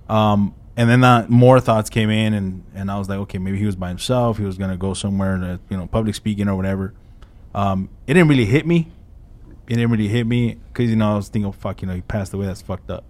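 A man's voice: lowish voice, fairly even intonation, fast, a little mellow. A man in his forties co-hosting a radio talk show, talking loosely with lots of fillers and swearing. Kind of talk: casual radio chat. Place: radio studio.

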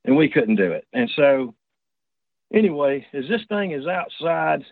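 A man's voice: fairly high pitch, sing-song, vocal fry, no room sound. A man telling a personal story in a casual, rambling way, stopping and restarting often. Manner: rambling, halting, many restarts. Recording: dry tinny phone line.

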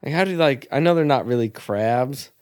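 A man's voice: mid-range voice, moderate pace, a little mellow, smooth. A man co-hosting a casual movie-chat podcast, blunt and full of crude jokes, often talking over his partner. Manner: blunt, crude joking, talks over others. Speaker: podcast co-host.

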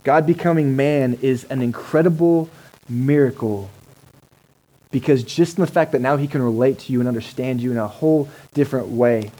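A man's voice: mid-range voice, moderate pace, mellow, low-quality recording. A male pastor, preaching a sermon in a conversational way and asking the congregation rhetorical questions. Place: church service held in a cinema.

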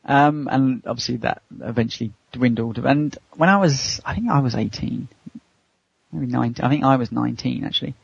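Laughing, gravelly man telling stories. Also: mid-range voice, a little fast, no room sound, dull audio. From United Kingdom. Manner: chatty, laughs often, acts out voices in his stories. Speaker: co-host answering interview questions. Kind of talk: casual storytelling in an interview.

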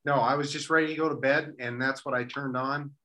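A man's voice: medium pitch, steady tone, brisk, bright, forceful tone. A man co-hosting a radio show, chatting casually with rambling, self-deprecating humor. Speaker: radio co-host. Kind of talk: casual banter.

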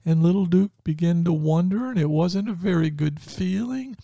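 A man telling a children's story with lively sound effects, often quizzing his listeners. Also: high-pitched, normal speed, creaky, dry recording.

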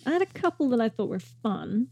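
A woman's voice: fairly high pitch, sing-song, brisk, vocal fry, dark tone, husky. A woman co-hosting a podcast, chatting in a wry, friendly way. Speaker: podcast co-host. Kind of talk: casual chat.

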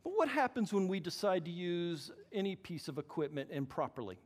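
Animated male pastor in a reverberant church. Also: high-pitched, a little fast. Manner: animated, acts out quoted voices. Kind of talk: sermon. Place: church hall. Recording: long hall reverb.

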